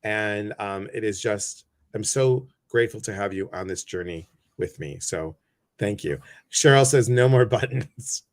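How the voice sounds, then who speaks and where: A man's voice: fairly low pitch, unhurried, no echo. A man hosting a casual livestream chat over a video call, effusive and greeting many viewers by name. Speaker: host.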